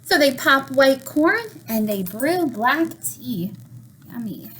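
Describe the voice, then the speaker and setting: A woman's voice: sits high, sing-song, slow, noisy background. A young woman, a children's librarian, reading a picture book aloud and asking the children questions. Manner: warm, encouraging, asks children questions. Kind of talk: children's storytime read-aloud.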